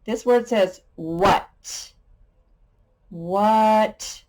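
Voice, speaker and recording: Slow, patient woman teaching sight words. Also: medium pitch, darkish tone. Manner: slow, patient, playful with sound effects. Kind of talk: sight word lesson for young children.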